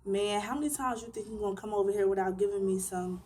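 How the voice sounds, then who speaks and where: A woman's voice: mid-range voice, quick pace, heavy background noise, close to an everyday voice. Blunt dismissive young guy, curt and offhand, as a woman quotes him.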